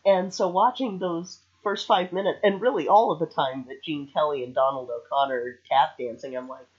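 A woman's voice: sits low, normal speed, husky. A woman co-hosting a podcast, chatting casually about a film with wry support. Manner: supportive, wry, laughing along. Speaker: podcast co-host. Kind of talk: casual chat reviewing a film. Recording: slightly dull lo-fi sound.

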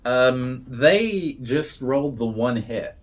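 A man's voice: mid-range voice, animated, slow. A man narrating a tabletop game as game master, chatty, with many ums and uhs.

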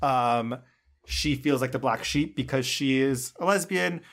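We hear a man in his natural middle pitch, talking casually on a film podcast. He gushes about movies and packs his sentences with "um" and "like". He speaks as a regular co-host of the show. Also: measured pace, fairly bright tone. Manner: effusive, gushing, heavy on filler words. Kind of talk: casual film review chat.

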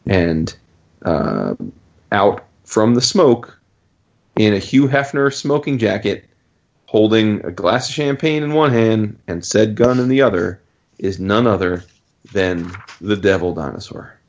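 Man, casual podcast chat, animated and profane, lowish voice, dull lo-fi sound. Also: a little slow. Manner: animated, acts out characters' lines in jumping voices, profane. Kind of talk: casual chat recapping a comic.

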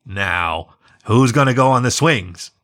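A man voicing a middle-aged coyote uncle who talks in a gently playful way. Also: medium pitch, lively intonation, slow pace, dry recording, clean studio sound.

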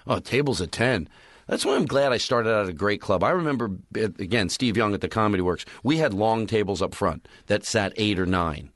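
A man's voice: fairly low pitch, expressive, a little fast, no room sound, studio quality. A man, a stand-up comedian, chatting casually and rambling through stories, acting out his own club announcements. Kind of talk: casual podcast chat.

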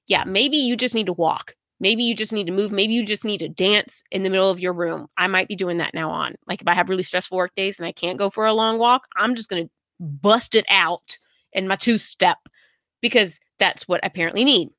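Bright, chatty woman podcaster. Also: mid-range voice, fast, few pauses, dry recording. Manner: chatty, digressive, many "you know" and "like" fillers; earnest and personal. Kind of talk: casual reflective monologue.

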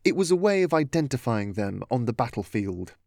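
A man reading a storybook aloud as narrator, in a steady, even manner. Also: mid-range voice, a little fast, vocal fry, no room sound, studio quality.

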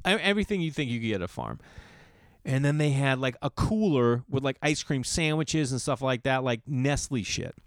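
Smooth-voiced man telling stories on a podcast. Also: mid-range voice, dry recording. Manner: animated storytelling, acts out quoted people, swears casually. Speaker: podcast host. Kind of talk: casual solo monologue.

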